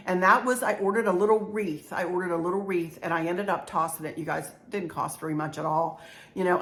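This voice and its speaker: A middle-aged woman, chatting in a rambling, encouraging way as a home decor vlogger. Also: medium pitch. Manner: warm, rambling, encouraging, with many restarts. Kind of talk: chatty haul vlog.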